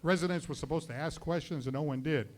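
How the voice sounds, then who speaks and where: A man hosting a live variety show delivers a stand-up monologue at a quick pace, his voice a little high, and apologizes after his own jokes. The live show recording is noisy.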